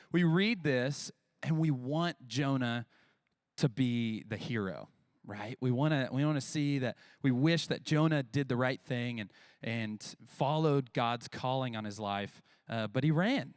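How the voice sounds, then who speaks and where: A man's voice: mid-range voice, no room sound. Guy pastor preaching real casual, lots of ums and asides, dry close mic. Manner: casual, conversational preaching with frequent fillers and asides. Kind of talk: sermon. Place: church.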